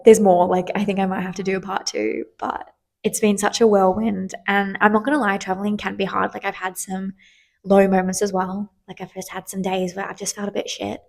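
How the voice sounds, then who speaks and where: Young woman, twenties, podcast host, gravelly fry, mid pitch, candid, chatty, swears casually. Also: darkish tone. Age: 20s. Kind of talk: casual solo podcast chat.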